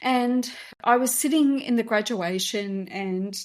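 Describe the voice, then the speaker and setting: A woman's voice: fairly high pitch, slow. A woman hosting a podcast, telling a personal story in a candid, emotional, conversational way. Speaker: podcast host and business founder.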